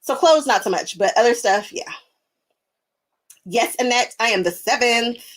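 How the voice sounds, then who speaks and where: A woman hosting a casual crafting live stream, chatting with viewers while she sews, animated and often laughing, repeating phrases for emphasis. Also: fairly high pitch, unhurried, poor audio. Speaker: quilting live stream host. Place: home sewing room.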